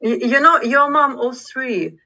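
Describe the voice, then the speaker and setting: Slow, halting woman. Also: high-pitched, pushed and bright, poor audio. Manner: halting, with many fillers and laughs. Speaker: speaking club member. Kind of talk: casual group chat in English.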